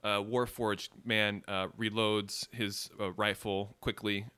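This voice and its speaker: Deep-voiced male game master, slow and vivid, clear tone. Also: flat delivery, bright, forceful tone, no echo. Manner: unhurried, vivid scene-setting with many fillers. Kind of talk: narrating a tabletop game.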